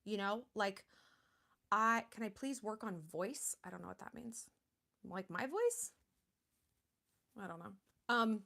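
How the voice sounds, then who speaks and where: A woman's voice: medium pitch, animated, a little slow, gravelly, pauses often, bright, forceful tone. A woman in her thirties hosting a charity livestream, talking in a chatty, blunt way with lots of fillers. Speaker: livestream host. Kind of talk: casual livestream talk.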